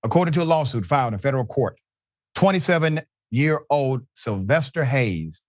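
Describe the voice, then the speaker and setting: A man hosting a news commentary show, delivering stories with dramatic emphasis and pauses. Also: medium pitch, animated, dry recording, studio quality.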